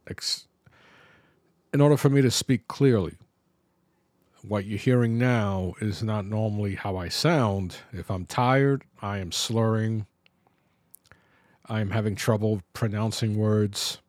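A middle-aged man from New York hosts his own podcast in a slow, unhurried monologue. His voice sits fairly low and the sound is close and dry, with no room around it. He speaks reflectively, pausing and restarting his sentences. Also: no room sound. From New York, Bronx. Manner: halting, reflective, with pauses and restarts. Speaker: podcast host.

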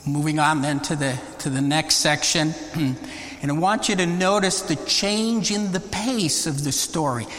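A man preaching a Bible teaching sermon, deliberate and emphatic, often rising into exclamations. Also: on the high side, fairly bright tone. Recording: long reverb of a large hall.

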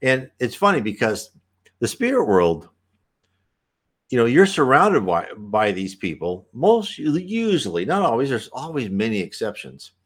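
A man hosting a talk that answers viewer questions, speaking in a relaxed, rambling way, restarting sentences and clearing his throat. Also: medium pitch, measured pace. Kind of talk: casual spoken advice talk.

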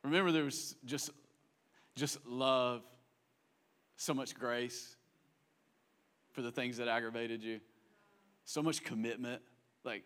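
A man preaching as a pastor, animated and acting out the people in the story, sometimes dropping to a soft, reflective tone. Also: mid-range voice, a little slow, pauses often. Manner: drops to soft, quiet tones when reflective. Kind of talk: sermon.

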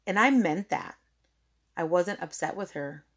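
A woman telling a personal story in a chatty, expressive way, often saying "like," calm and measured when she quotes herself. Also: lowish voice.

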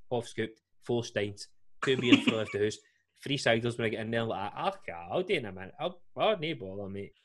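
A man's voice: medium pitch, a little hiss or hum. Scottish man telling a rambling story. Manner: rambling, self-mocking, laughing through anecdotes. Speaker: podcast co-host. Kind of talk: casual storytelling chat.

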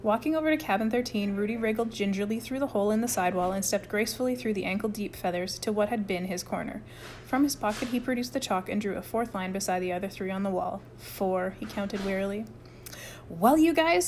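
A woman reading a children's novel aloud in an even storytelling manner. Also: medium pitch, quick pace, a little hiss or hum. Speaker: audiobook reader. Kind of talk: scripted narration.

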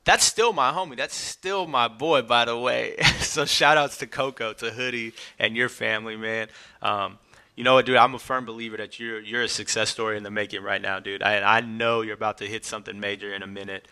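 Here a middle-aged man hosts a podcast and speaks directly to his loved ones in an emotional, casual, heartfelt monologue. His voice is fairly low and steady in tone, a little fast, pushed and bright, and clean.

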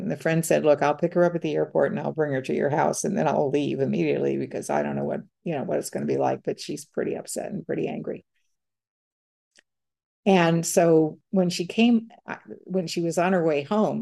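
Older woman with a gravelly voice. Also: deep voice, warm tone. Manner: halting, repeats words, quotes others. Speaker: guest. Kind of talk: personal storytelling in conversation.

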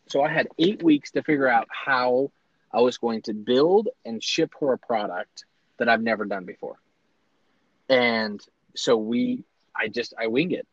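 Animated man telling a business story. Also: mid-range voice, no echo. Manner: animated, lots of fillers and restarts. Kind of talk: casual storytelling. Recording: dry, slightly dull lo-fi sound.

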